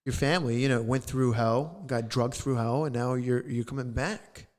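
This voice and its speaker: A man's voice: medium pitch, moderate pace, big-room sound. A man hosting an interview, backing up his guest with brief, supportive remarks and wrapping up the segment. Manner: supportive, brief affirmations and wrap-ups. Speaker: host. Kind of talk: casual interview.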